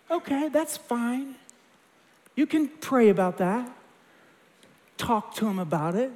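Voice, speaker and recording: A man preaching a sermon, impassioned and quoting scripture, with quick acted asides. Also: very high-pitched, lively intonation, darkish tone. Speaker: pastor. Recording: long hall reverb.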